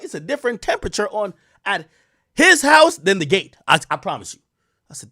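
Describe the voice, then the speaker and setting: Animated, slangy man telling a story. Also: fairly quick, dry recording, studio quality. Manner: animated, profane, slangy, swings from loud exclaims to low asides. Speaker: show host. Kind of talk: casual storytelling to viewers.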